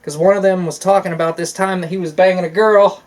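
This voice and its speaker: A man's voice: high voice, fairly even intonation, quick pace. Male co-host, casual talk show, swears freely, laughs a lot while telling stories. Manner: profane, laughing storyteller. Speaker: podcast co-host. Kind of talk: casual chat.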